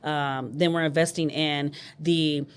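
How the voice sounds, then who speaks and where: A woman's voice: sits low, steady tone, measured pace, smooth. A woman in her thirties hosting a solo podcast, talking candidly and chattily with many fillers and restarts, sometimes acting out her own past words. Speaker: podcast host. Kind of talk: casual solo podcast monologue.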